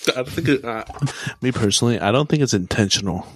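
A man's voice: mid-range voice, animated, fast talker, a little hiss or hum. A young man co-hosting a podcast, talking in a loose, rambling way with lots of "like" fillers. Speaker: podcast co-host. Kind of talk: casual chat.

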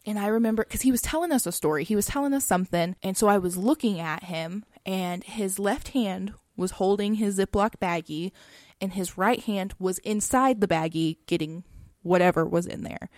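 Woman, podcast co-host, casual storytelling, chatty, mid pitch, dry close sound. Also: moderate pace, no echo. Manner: chatty, frequent "like" and soft laughs.

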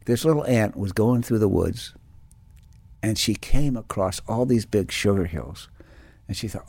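Low-voiced reflective spiritual teacher. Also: male voice, animated, a little slow, vocal fry, darkish tone, no echo. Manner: reflective, rambling, with restarts and fillers. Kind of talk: spiritual talk with personal stories.

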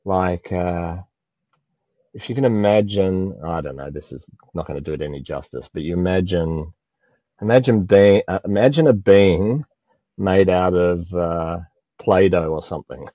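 An Australian man speaks in a low, mellow voice, emotional and often searching for words as he describes a spiritual experience. The audio is dull and dry, with no room sound. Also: moderate pace, no room sound. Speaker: guest. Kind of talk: spiritual conversation.

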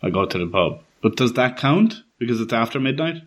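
A man's voice: mid-range voice, lively intonation, brisk. A man co-hosting a podcast, chatting casually, swearing freely and laughing at his own jokes. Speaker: podcast co-host. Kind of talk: casual chat.

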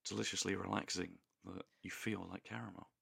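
Podcast co-host, male, deep and gravelly with a bright edge, goofy and playful, dry close mic. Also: flat delivery, a little fast, dry recording. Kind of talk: casual chat.

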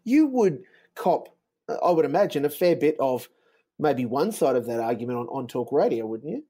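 A man interviewing a guest in a relaxed chat, asking curious, easygoing questions. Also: mid-range voice, moderate pace, breathy edge.

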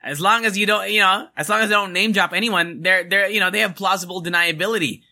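A man's voice: high voice, fast, pushed and bright. A young man hosting a podcast, ranting angrily and emphatically, swearing as he vents. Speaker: podcast host.

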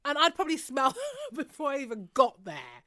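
Young woman, casual chat, lively up-and-down pitch, dry close sound. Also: moderate pace, no echo. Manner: chatty, laughing, teasing.

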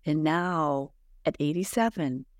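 A woman's voice: sits low, slow, no room sound, studio quality. A middle-aged woman hosting a heartfelt podcast conversation, speaking earnestly and emphatically with spiritual encouragement. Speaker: podcast host.

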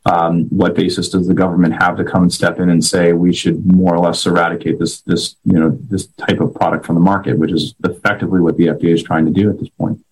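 Male lawyer guest, deep husky voice, flat and measured, pausing often. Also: rough recording. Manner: halting, many fillers and restarts, measured. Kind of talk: interview answers.

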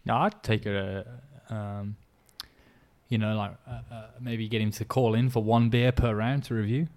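A man's voice: lowish voice, little pitch movement, a little slow, a little mellow. A man co-hosting a beer podcast, chatting casually and thinking aloud with hesitant fillers. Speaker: podcast co-host. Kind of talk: casual chat.

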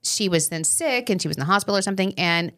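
Woman, podcast co-host, casual studio chat, lively storyteller, jumps up high for quoted lines. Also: fast talker.

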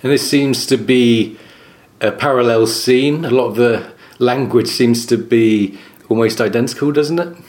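A man's voice: mid-range voice, a little slow, darkish tone. Man hosting a book podcast. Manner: conversational, asks leading questions. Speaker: podcast host. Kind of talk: casual discussion.

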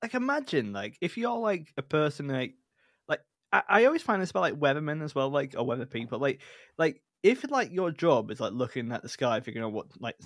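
A man's voice: fairly high pitch, sing-song, fairly quick, a bit bright, dry recording. Rambling guy, dry and close. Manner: rambling, heavy use of "like", giggly. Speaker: comedian guest. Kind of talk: casual comedic chat.

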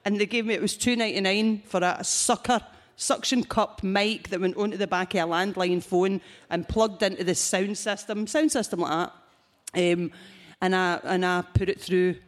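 A Scottish woman telling crude, lively comic stories on stage at a live show. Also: mid-range voice, moderate pace. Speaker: comedian guest.

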